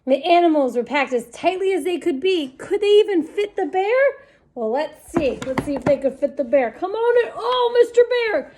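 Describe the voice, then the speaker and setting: Lady doing kids storytime, high voice, super animated, sound effects. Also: normal speed. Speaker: storytime reader. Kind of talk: children's read-aloud.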